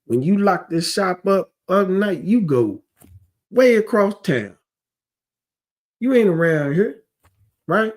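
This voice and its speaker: A man's voice: high-pitched, expressive, slow, long pauses. A man teaching a scripture class in a heated, conversational way, often asking rhetorical questions and drifting into digressions.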